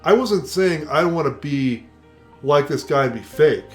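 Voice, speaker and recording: With faint music playing behind him, the same kind of co-host speaks at a measured pace in a voice on the high side. This older man tells stories animatedly in a casual conversation, performing the voices of those he quotes.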